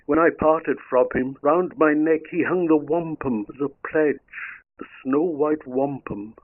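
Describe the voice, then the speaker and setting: A tender, sorrowful young maiden mourning her faraway sweetheart, as a male reader voices her lament. The delivery is hushed and pensive, heard through a thin, phone-like band. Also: medium pitch, natural voice. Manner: soft, tender and sad. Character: young woman lamenting her departed lover. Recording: narrow phone-like lo-fi sound.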